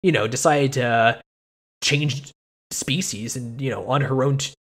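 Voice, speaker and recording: A man hosting a casual podcast chat, ranting with animated, profane mock outrage. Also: mid-range voice, unhurried, breathy edge. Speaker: podcast host.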